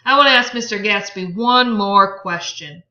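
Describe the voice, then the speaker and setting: A woman voicing an arrogant, contemptuous rich man while reading a novel aloud, loud and incredulous. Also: medium pitch, expressive, a little fast, lo-fi sound. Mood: scornful. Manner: sneering, incredulous, loud outbursts.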